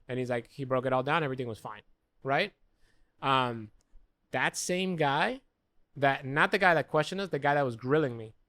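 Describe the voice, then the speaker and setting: A man's voice: medium pitch, fairly bright tone, no room sound. A young American man co-hosting a comedy podcast, telling a rambling, profane anecdote in casual chat. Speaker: podcast co-host.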